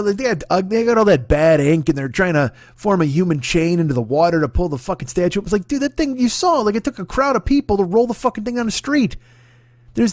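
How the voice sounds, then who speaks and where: A man's voice: sits high, no echo, clean studio sound. A man in his forties hosting a comedy podcast, ranting in a sweary, exasperated, rambling way. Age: 40s. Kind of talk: profane comedic rant.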